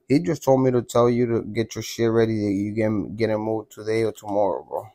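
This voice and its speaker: A man doing a male prison yard worker who passes orders along in a low, hushed voice. He speaks flatly and without emphasis, a little lower than the narrator. The recording is close and dry. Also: brisk, no echo, lightly acted.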